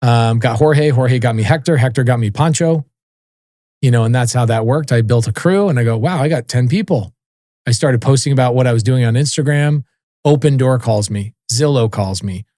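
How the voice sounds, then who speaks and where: A man in his forties guests on a podcast, casually and animatedly spinning stories in an interview, mimicking the voices of the people he quotes and swearing in passing. His mid-range voice is mellow and fairly quick, captured in a dry, studio-quality recording.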